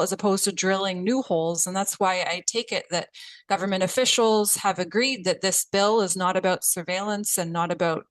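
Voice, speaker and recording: A woman testifying as an expert witness at a committee hearing, speaking in a measured, precise way with occasional restarts. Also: medium pitch, no room sound, low-quality recording.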